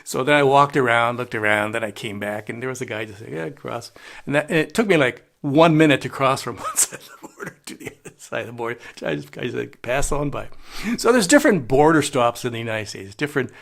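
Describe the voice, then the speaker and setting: A man's voice: medium pitch, lively intonation, fast, creaky, a bit bright. An older man telling rambling travel stories in a casual vlog, chuckling and dropping in Spanish phrases. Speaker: travel vlogger. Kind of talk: casual storytelling monologue.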